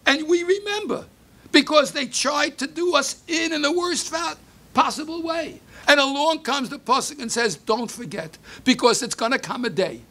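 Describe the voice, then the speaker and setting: An older man giving a sermon, telling a story with Hebrew phrases mixed in, moving between hushed and emphatic delivery. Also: very high voice, normal speed. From United States. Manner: mixes Hebrew phrases into English.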